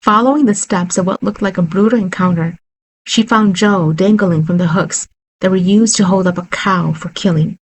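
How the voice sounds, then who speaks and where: Husky-voiced woman narrating horror. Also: mid-range voice, moderate pace, low-quality recording.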